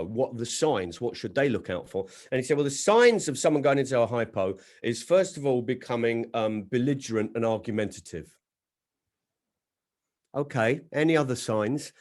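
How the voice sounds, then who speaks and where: A man doing stand-up storytelling on a video call, swinging between loud acted quotes and low, dry asides. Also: expressive, a little fast. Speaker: stand-up comedian. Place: home setup on a video call.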